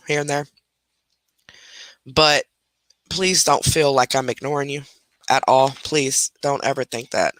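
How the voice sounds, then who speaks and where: A woman in her thirties with a twang, hosting a casual livestream from her home. She talks in a chatty, blunt way, turning now and then to her pets and to the comments. Her voice is bright and forward, recorded close and dry with almost no room sound. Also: deep voice, no room sound. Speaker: livestream reaction host.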